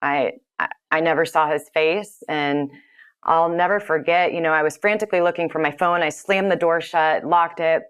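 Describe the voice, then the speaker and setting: Woman, low voice, smooth and clear, earnest, halting, interview guest. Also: steady tone. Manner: earnest, halting, with many fillers and restarts. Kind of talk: personal storytelling in an interview.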